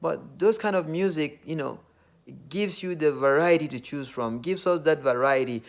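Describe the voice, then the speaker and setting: A man's voice: a little high, moderate pace, gravelly. A man from Nigeria with a Nigerian accent, talking in a casual, earnest monologue full of fillers. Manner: earnest, loosely phrased with many fillers.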